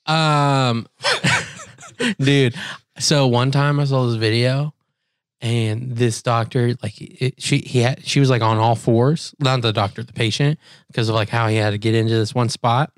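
A man co-hosting a podcast in casual chat, rambling through stories and acting out quoted people in high, squeaky voices. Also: fairly even intonation, unhurried, clean tone, no echo, studio quality. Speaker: podcast co-host.

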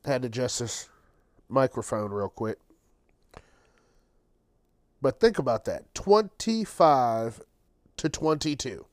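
Tired male podcast host, slow and profane, sarcastic solo rant, dry close mic. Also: mid-range voice, expressive, dry recording. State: tired, late at night. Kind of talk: casual solo monologue.

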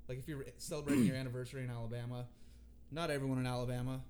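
A man's voice: medium pitch, fairly even intonation, rapid-fire, darkish tone, slight background noise. A man co-hosting a podcast, bantering in a laid-back, wry and profane way. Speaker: podcast co-host. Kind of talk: casual crude banter.

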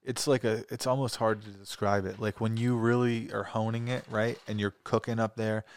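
Male comic hosting a podcast, low-ish smooth voice, dry close sound, loose and profane, laughs a lot. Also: little pitch movement, moderate pace. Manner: laughs often, swears casually. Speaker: podcast host and stand-up comedian. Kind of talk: casual podcast chat.

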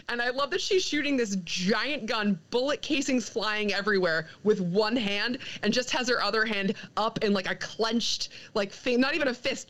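A young woman chats casually on a podcast, retelling a comic's plot with animated energy. Her voice is bright and smooth, and she slips into quick character lines and laughs along the way. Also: mid-range voice, low-quality recording. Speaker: podcast co-host recapping a comic. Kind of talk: casual chat.

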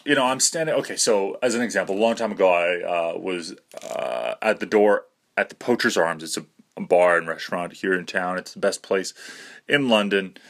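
A man's voice: low-pitched, fairly quick, creaky, a bit bright. A young man rambling to camera in a self-mocking way, swearing casually and breaking into nervous laughter. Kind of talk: rambling monologue.

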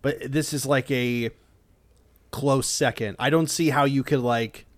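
A man's voice: mid-range voice, steady tone, unhurried, no room sound. A man in a casual podcast chat, jokey and sarcastic, trading playful remarks. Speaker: podcast co-host.

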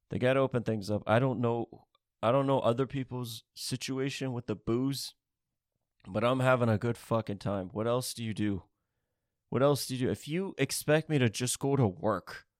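A man's voice: mid-range voice, dry recording, studio quality. A man ranting casually on a podcast, swearing a lot and jumping from one topic to the next. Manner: rambling, swearing, restless, jumps between topics. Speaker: podcast host. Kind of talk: profane comedic rant.

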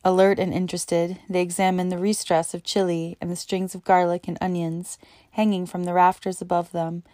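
Steady, low-voiced woman narrator. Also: dry recording, clean studio sound. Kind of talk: audiobook narration.

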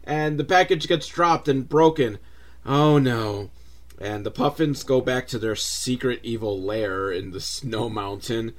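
A man's voice: mid-range voice, unhurried. A man hosting a comedic movie recap, sarcastic, profane and rambling. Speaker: host, film reviewer.

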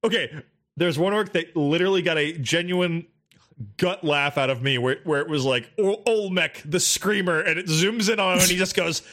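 A man in casual gaming chat, swearing often and laughing through animated rants. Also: a little high, normal speed.

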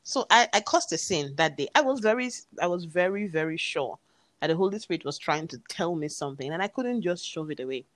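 Earnest low-voiced woman. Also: brisk, no room sound. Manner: earnest, animated retelling with quoted dialogue. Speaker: guest telling her story. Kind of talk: personal storytelling.

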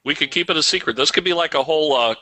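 A man co-hosting a podcast over an online voice call, playful and teasing, throwing in quick bits. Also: on the high side, pushed and bright, a little hiss or hum. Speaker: podcast co-host. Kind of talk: casual comedic chat.

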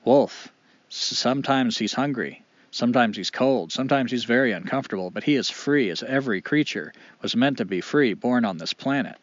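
Male storyteller, animated and expressive, dry slightly muffled sound. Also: medium pitch, dry recording. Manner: animated, expressive, with dramatic pauses. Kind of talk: oral storytelling.

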